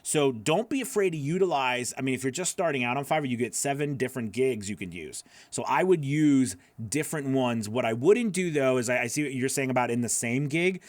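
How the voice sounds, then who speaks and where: A man's voice: medium pitch, dry recording. A man hosting a live voiceover class, answering viewer questions in a loose, chatty way, with lots of fillers and laughing at himself.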